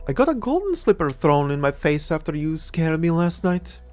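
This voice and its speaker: A woman's voice: low-pitched, very animated, normal speed, a little mellow, soft background music. A woman voicing a cocky young adventurer-thief who talks in a playful, mocking way, in a fan audio drama. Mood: teasing. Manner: playful, mocking, laughs often.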